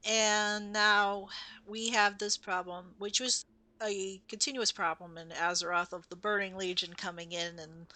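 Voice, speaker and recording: A woman's voice: mid-range voice, sharp tone, dry recording. A woman streamer giving casual, chatty commentary while she plays, explaining game lore and laughing at her own mistakes.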